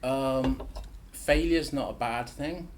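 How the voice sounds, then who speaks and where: A man, a podcast guest answering questions in a relaxed, thoughtful way. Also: medium pitch, slow, background noise. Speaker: guest, tech conference founder. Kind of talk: casual podcast interview.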